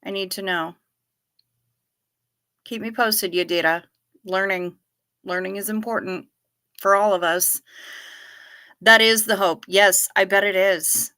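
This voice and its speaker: A woman hosting a casual livestream, reading viewer comments in a gentle, sympathetic way. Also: mid-range voice, fairly even intonation. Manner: slow, gentle and sympathetic, talking to chat. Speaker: livestream host.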